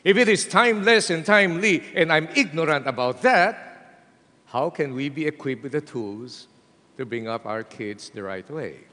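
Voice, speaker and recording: An animated Filipino pastor preaching to a crowd. His voice sits fairly high for a man, and he speaks with emphatic energy. A long hall reverb trails after every phrase. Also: moderate pace. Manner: animated preaching, mixing English and Tagalog, addressing the hall. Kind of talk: sermon. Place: large hall.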